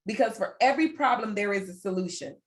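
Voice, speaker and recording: A woman presents a motivational workplace wellness webinar online through a computer mic, talking fast in a medium-pitched voice. Her tone is earnest and encouraging, and she builds her points by repeating phrases one after another.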